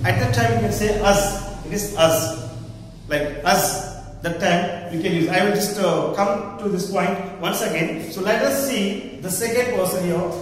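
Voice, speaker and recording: Telugu-accented man, teacher, high voice, slow repetitive explaining, distant mic, long classroom echo. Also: a little hiss or hum. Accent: Telugu-accented English. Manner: slow, repetitive explaining, frequent "right?" checks. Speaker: school English teacher. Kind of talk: classroom grammar lesson.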